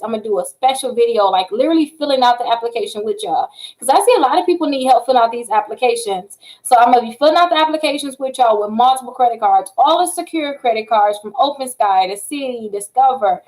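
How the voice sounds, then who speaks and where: A woman hosting a casual credit repair livestream from a home setup, talking fast and chatting straight to her viewers. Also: on the high side, a little mellow, poor audio. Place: home setup with multiple screens.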